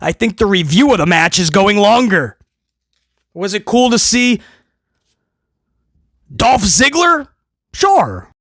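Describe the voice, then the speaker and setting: Brief: high-voiced male reviewer, animated and sarcastic, dry close-mic sound. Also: a little slow, dry recording. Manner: animated, mocking impressions and quips. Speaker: wrestling show reviewer. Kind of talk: casual commentary.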